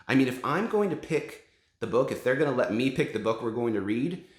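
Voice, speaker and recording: A man in his forties talks up favorite children's books in an eager, encouraging way. His pitch jumps around lively. A roomy echo hangs on his voice. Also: a little fast. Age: 40s. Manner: enthusiastic, encouraging. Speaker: book recommender, father. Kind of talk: casual book recommendations to camera.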